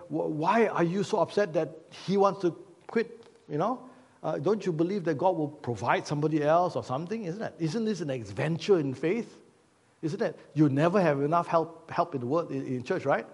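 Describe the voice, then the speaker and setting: A man's voice: fairly high pitch, animated, normal speed, darkish tone, breathy edge. A man preaching a sermon as pastor, conversational, with many fillers and repeated rhetorical questions. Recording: long hall reverb.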